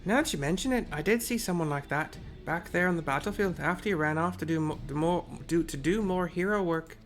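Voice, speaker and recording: A man voicing a small, gruff female warrior who loves her drink, brash and dismissive. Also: on the high side, a little fast, faint music behind, voice pushed up, lightly acted. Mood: brusque.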